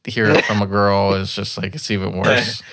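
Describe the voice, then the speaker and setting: Low-voiced laid-back podcast man. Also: level tone, normal speed, fairly bright tone. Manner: laid-back storyteller, swears a lot. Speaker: podcast co-host. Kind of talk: casual chat.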